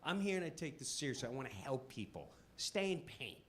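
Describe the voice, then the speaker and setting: A man's voice: medium pitch, very animated, a little fast, fairly bright tone, slight background noise, voice pushed down. A man playing a stern, snippy hardware clerk. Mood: lecturing. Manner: stern and lecturing. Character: serious, snippy hardware clerk in his forties.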